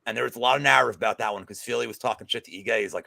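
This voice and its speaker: This man talks with a gravelly, fry-laden edge and a bright, forceful tone. He co-hosts a betting podcast in casual chat, animated and profane, with a jokey storyteller's bent. The sound is dry and close. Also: medium pitch, rapid-fire, no echo.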